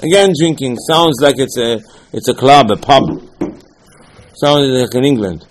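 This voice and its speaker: A man's voice: mid-range voice, a little slow, slight background noise, low-quality recording. A man giving a rambling Torah lesson. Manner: conversational, repeats himself, frequent restarts and fillers; mixes Hebrew and Aramaic terms into speech.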